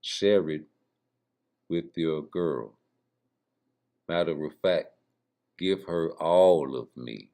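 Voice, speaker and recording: A man's voice: a bass voice, extremely slow, pauses often, warm tone. A man giving casual, profane, rambling boxing commentary straight to his viewers. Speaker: boxing YouTuber.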